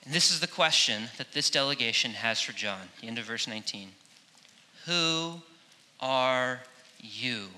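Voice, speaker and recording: Bright-voiced man preaching a sermon. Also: medium pitch, brisk, few pauses. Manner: animated, acts out quoted speech with playful emphasis. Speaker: pastor. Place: large church sanctuary. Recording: long hall reverb in a church.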